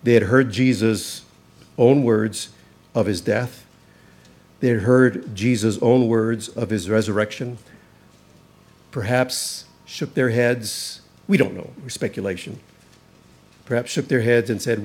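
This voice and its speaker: A male pastor delivering a sermon at an unhurried, measured pace. His voice sits at a middle pitch and lifts with emphasis when he reads scripture. He lingers on single words to drive each point home. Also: darkish tone, slightly rough. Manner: slow, deliberate preaching with emphatic rises on scripture quotes.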